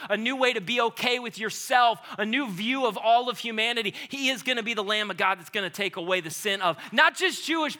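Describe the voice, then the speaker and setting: High, bright-voiced animated male preacher. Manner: animated, swings from loud urgency to hushed low delivery. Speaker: pastor. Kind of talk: sermon.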